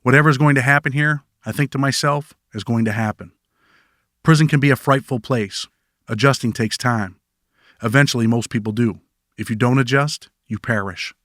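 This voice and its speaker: A man's voice: medium pitch, normal speed, a bit bright, dry recording, clean studio sound. A man narrating his own memoir in the first person, in a reflective storytelling manner.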